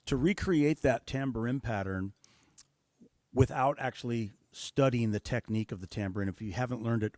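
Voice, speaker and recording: A man's voice: on the low side, darkish tone, no room sound. A man being interviewed about drumming, explaining rhythms and counting and singing the beats aloud. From Seattle-based. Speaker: guest musician, drummer.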